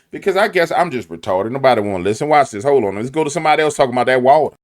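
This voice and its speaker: A man with a New Orleans accent giving animated, preachy commentary full of slang and repetition. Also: mid-range voice, racing, few pauses. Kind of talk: conspiracy commentary.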